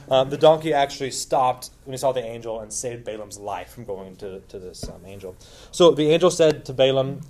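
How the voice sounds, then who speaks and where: Speaking fairly quickly in a mid-range, darkish voice, a man gives a casual, informal Bible lesson. He retells a story packed with asides and questions aimed at his listeners.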